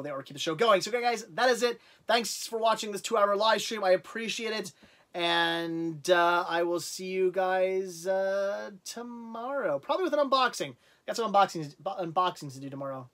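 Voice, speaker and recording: Man, fairly high voice, livestream host, rambling casual talk, lots of ums. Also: a little fast, fairly bright tone. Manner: rambling, repeats himself, many fillers.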